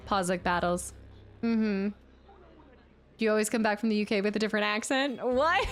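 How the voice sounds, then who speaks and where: A woman's voice: medium pitch, animated, a little slow, pauses often, fairly bright tone, faint music behind. A woman streamer in casual gameplay commentary, chatty and playful, who often reads game dialogue aloud.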